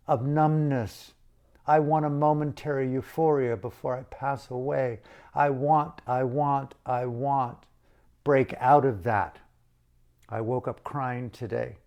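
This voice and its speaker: A man's voice: fairly high pitch, a little mellow. An older man giving an impassioned activist monologue, fervent and rhetorical, building long repeated lists. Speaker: activist speaker.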